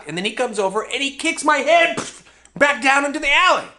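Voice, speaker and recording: A man's voice: very high-pitched, sing-song, quick pace, pushed and bright. A young man telling a comedic childhood story in a vlog, exaggerating and laughing at his own jokes.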